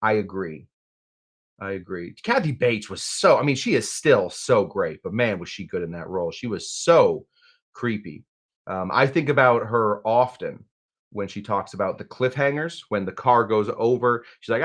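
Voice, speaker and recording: A man's voice: on the low side, animated, normal speed. Man, live cocktail stream host, casual rambling chat, jokey, reads viewer comments.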